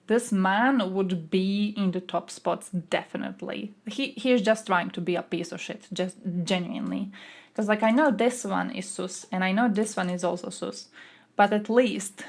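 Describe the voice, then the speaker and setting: A woman's voice: mid-range voice, normal speed. A young woman from Croatia, streaming and giving blunt, profane, sarcastic political commentary. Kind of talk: casual ranting commentary.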